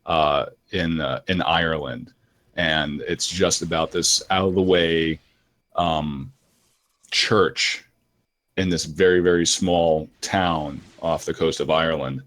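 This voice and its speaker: A man's voice: extremely low pitch, fairly even intonation, slow, fairly bright tone. A man co-hosting a live stream in casual chat, who stammers and restarts his words.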